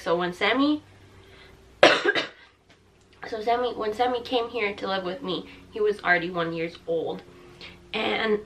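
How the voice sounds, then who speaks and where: A young woman in her twenties talking to camera in a halting, tearful way, with fillers and restarts and a thick throat she keeps clearing. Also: mid-range voice, fairly bright tone. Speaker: vlogger. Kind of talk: personal talk to camera.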